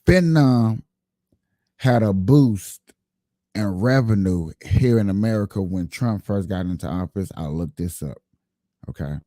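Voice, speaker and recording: An earnest man hosts his own political livestream, speaking straight to his viewers and circling back over his points. His voice sits a little low with a mellow, soft tone. The sound is dry and close, with no room echo. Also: expressive, unhurried. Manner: earnest, repetitive, addresses viewers directly. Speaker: livestream host. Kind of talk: casual political livestream talk.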